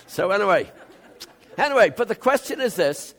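An older man preaching a conversational sermon, telling stories with frequent throat-clearing and chuckles. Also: high-pitched, big pitch swings, moderate pace, pauses often, fairly bright tone.

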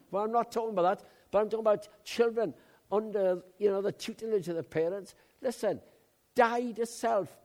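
A man preaching a sermon, telling personal stories in a chatty way with loud emphatic bursts. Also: sits high.

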